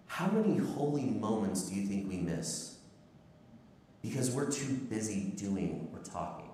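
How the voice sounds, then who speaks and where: A man's voice: on the low side, measured pace, a little hiss or hum. A man preaching a sermon, telling a personal story, acting out the voices in it and asking the congregation rhetorical questions. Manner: storytelling, lively, acts out quotes, asks rhetorical questions. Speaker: pastor. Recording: echoey hall with long reverb.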